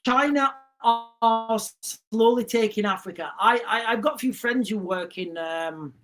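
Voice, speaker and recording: A man's voice: extremely high pitch, unhurried, fairly bright tone, faint music behind. A man hosting a livestream, reading out viewer comments and answering them in a rambling, blunt, repetitive way. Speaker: livestream host.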